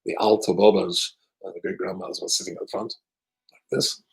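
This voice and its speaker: Man, gravelly low voice, wry self-deprecating storyteller. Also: level tone, a little fast, darkish tone, low-quality recording. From Scotland. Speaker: rabbi, guest speaker. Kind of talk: humorous anecdotal storytelling.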